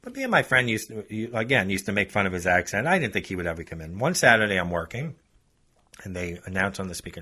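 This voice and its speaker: A man's voice: lowish voice, sing-song, fast, bright, forceful tone, husky. A male podcast host telling a story in a chatty, casual way, talking straight to his listeners. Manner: chatty, addresses listeners as folks.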